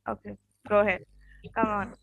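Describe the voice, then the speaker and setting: A woman teacher with a rough morning voice tells a story to her class in a casual way, often saying "okay" and stopping to ask the class questions. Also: medium pitch, little pitch movement, moderate pace, no room sound, muffled recording. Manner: peppers speech with "okay" and quiz questions.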